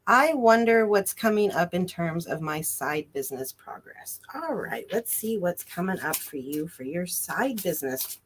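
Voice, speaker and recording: A woman's voice: on the low side, sing-song, moderate pace, slight background noise. A woman giving a psychic reading on a live stream, reassuring and emphatic, stretching out her phrases. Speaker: psychic reader.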